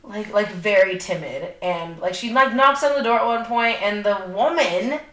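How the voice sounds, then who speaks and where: A young female podcast co-host, mid-range in pitch and moderate in pace, retells a film plot with animated, profane energy and plenty of fillers. The chat is casual, and the room echoes.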